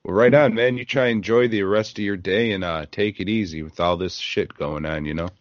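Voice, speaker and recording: A man's voice: fairly low pitch, a little fast, dry recording, muffled recording. A man co-hosting a podcast, signing off an interview in a laid-back way with casual slang. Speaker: podcast co-host.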